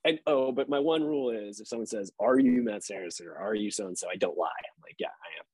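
A man's voice: lowish voice, fast, a little mellow, breathy edge, no echo. A man in his thirties, an actor guest on a podcast, telling laid-back stories and swearing casually.

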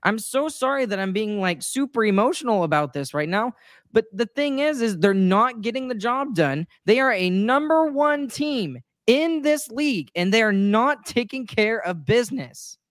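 A woman's voice: fairly high pitch, expressive, moderate pace, no room sound. Woman, sports talk co-host, exasperated rambling rant, apologetic, dry close sound. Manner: frustrated, rambling with restarts and apologies. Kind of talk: casual chat.

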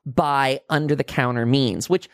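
A woman's voice: a bass voice, unhurried, no room sound, studio quality. A woman co-hosting a casual podcast chat, thinking aloud with lots of "like" and "I mean". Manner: thoughtful, hedging fillers.

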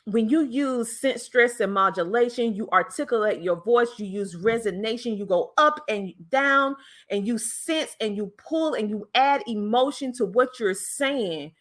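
A woman's voice: on the high side, animated, unhurried, fairly bright tone. A woman hosting a podcast, giving an emphatic motivational talk and stretching the words she stresses. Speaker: podcast host. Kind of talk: motivational speaking.

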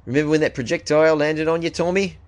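A man voicing a teasing male firefighter in a loud, sing-song mock accent, ribbing a workmate. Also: a little high, fairly even intonation, fast, voice pushed up, natural voice. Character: teasing middle-aged male firefighter, joking with mates.

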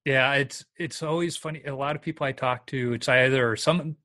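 A man's voice: mid-range voice, steady tone, normal speed, bright, forceful tone. A man hosting a casual interview, easygoing, asking questions and sharing his own stories. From Minnesota. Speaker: podcast host interviewing a guest.

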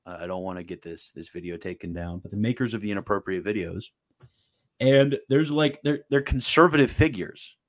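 A man's voice: lowish voice, fairly quick. A man hosting a casual stream chat, rambling and often breaking off mid-sentence. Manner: rambling, self-interrupting. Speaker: stream host.

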